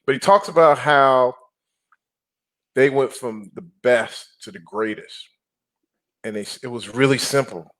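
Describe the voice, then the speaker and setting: Animated man telling stories, growling asides. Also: mid-range voice, measured pace, long pauses. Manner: animated storyteller, growls and acts out quotes. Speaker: guest, apartment investor. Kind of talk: casual interview talk.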